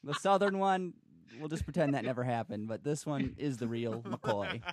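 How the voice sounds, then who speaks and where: A man hosting a car podcast in casual, joking banter, quick to laugh. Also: mid-range voice, dry recording, studio quality. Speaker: host.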